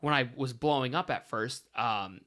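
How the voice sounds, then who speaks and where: A man chatting casually as a podcast guest in a home studio, telling self-deprecating stories with lively energy. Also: mid-range voice, moderate pace. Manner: animated, self-deprecating storyteller.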